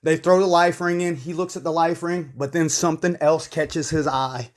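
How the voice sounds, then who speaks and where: A man's voice: a little high, steady tone, normal speed. A man giving casual video commentary in a blunt, opinionated, rambling way. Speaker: YouTube commentator.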